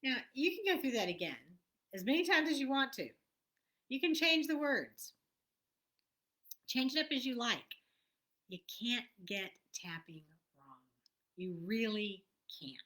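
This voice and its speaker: A middle-aged woman guides listeners through a tapping lesson in a bright, clear voice. She repeats soft affirmations and now and then drops into a hushed whisper. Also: fairly high pitch, sing-song, measured pace, long pauses. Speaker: tapping coach.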